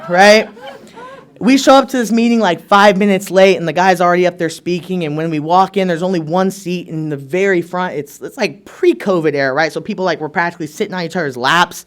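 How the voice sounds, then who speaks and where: A man in his thirties speaks to a meeting in a fairly high register. He tells his recovery story with wry, sarcastic humor. He acts out the lines of the people around him. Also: fairly quick, fairly bright tone.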